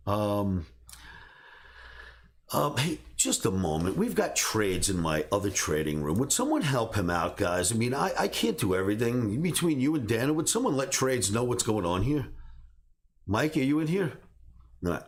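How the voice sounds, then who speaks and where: A middle-aged trading educator casually tells a story to his live stream, animatedly acting out the voices of the people in it. His voice is fairly low-pitched, at a normal speed.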